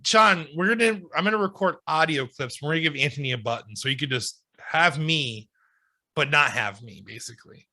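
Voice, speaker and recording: A man's voice: on the high side, animated, a little fast, sharp tone. A man co-hosting a comedy podcast, chatting casually with playful quips. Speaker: podcast co-host.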